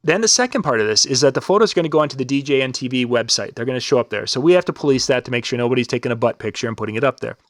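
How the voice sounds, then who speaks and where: A man's voice: medium pitch, expressive, racing, few pauses, no echo. A man co-hosting a casual live web show, talking in a loose, rambling way with frequent restarts as he promotes a contest. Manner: rambling, restarts and fillers, upbeat promo talk. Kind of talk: casual live-stream chat.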